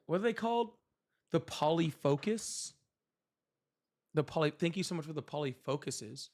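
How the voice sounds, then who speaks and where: A man's voice: on the high side, lively intonation, normal speed, darkish tone. A young man hosting a casual livestream, chatting with viewers, thanking them and laughing often. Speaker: livestream host.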